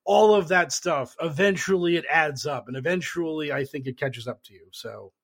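A man talking politics on a panel, animated and mocking, often putting on sarcastic voices and swearing. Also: on the high side, moderate pace, vocal fry. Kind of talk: casual political discussion.

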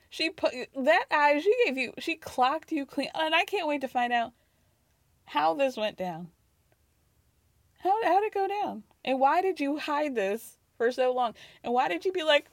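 A woman hosting a podcast, recapping reality TV in an animated, gossipy way, swearing freely and laughing often. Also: sits high, measured pace, no echo, studio quality. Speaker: podcast host.

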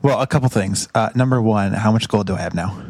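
A man's voice: on the low side, quick pace, a little mellow, husky. A man playing a tabletop game who jokes around and laughs easily. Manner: jokey, laughs easily, playful. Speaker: player. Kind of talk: casual tabletop play.

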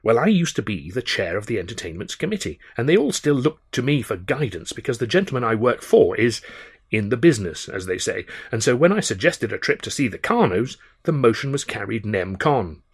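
A man reading an audiobook, voicing a formal, unflappable butler with measured, deferential precision. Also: mid-range voice, big pitch swings, slightly rough. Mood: measured, polite. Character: formal, unflappable male English butler, middle-aged.

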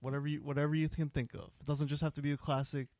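Guy running a trivia game on a podcast, kinda high voice, dry close sound. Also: little pitch movement, very fast, a little mellow, dry recording. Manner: explains rules, reads quiz questions. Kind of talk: casual chat.

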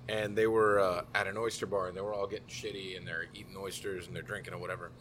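A man's voice: low-pitched, flat delivery, fast, background noise. A man hosting a casual chat in a laid-back, joking way.

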